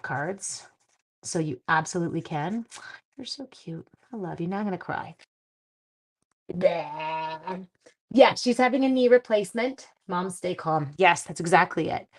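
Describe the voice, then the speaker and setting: A middle-aged woman from Canada chatting with viewers while she makes cards on a live stream, thinking aloud as she works. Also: fairly low pitch. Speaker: card-making live streamer. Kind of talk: live craft stream chat.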